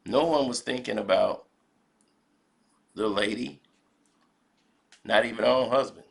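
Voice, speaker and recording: Slow, gravelly male commentator. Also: medium pitch. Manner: measured, reflective, asks rhetorical questions. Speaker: commentary vlogger. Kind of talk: spoken commentary.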